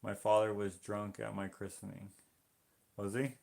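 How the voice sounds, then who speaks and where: A man's voice: lowish voice, level tone, moderate pace, creaky, a little mellow. A man hosting a live painting stream, reading viewer comments aloud and joking with them. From Canada. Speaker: livestream host painting. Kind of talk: casual livestream chat reading comments.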